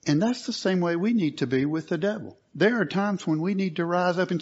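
A man preaching a sermon, earnest and at times forceful, on a dull lo-fi recording. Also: high-pitched, a little fast, hardly any pauses, slightly rough. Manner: earnest, rising to forceful emphasis.

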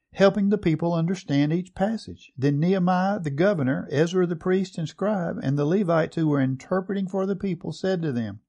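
A man preaching a sermon, reading scripture aloud and putting questions to his listeners, slowing down low for emphasis and then picking up speed. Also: warm tone, husky. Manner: asks the congregation questions and reads scripture aloud.

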